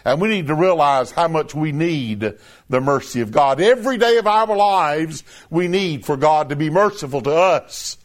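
A man's voice: fairly high pitch, expressive, moderate pace. A man preaching a sermon, earnest and emphatic, who repeats phrases for stress.

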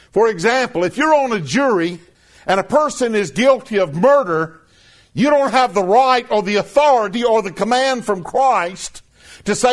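A man preaching a sermon, earnest and emphatic, who repeats phrases for stress. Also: sits high.

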